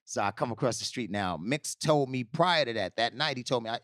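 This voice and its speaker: A middle-aged man spinning a rambling story, his pitch swinging widely as he acts out each voice. He talks in a loose, laughing way, pushing his voice up high for the quotes and dropping it low for the asides. It is a relaxed conversation among friends. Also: a little fast, no room sound, studio quality. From New York. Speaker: guest storyteller. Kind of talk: casual storytelling chat.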